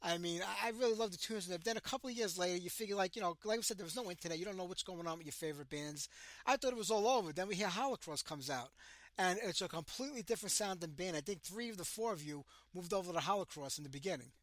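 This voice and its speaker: A man's voice: high voice, animated, fast talker, no echo. A man hosting a radio interview, chatty and jokey with his guest. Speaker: radio show host. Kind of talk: casual interview.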